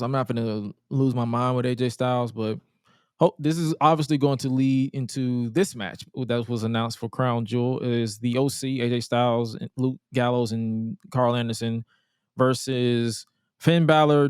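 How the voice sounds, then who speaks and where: A man's voice: mid-range voice, a little mellow, clean tone, no room sound, clean studio sound. A man hosting a casual wrestling podcast, talking bluntly and jokingly with plenty of swearing. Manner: blunt, profane, jokey. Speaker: podcast host.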